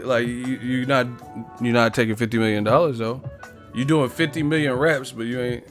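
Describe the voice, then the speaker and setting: A young man hosting a casual live boxing stream, talking loud and profane, laughing often and mocking what he talks about. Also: mid-range voice, fairly even intonation, normal speed, faint music behind.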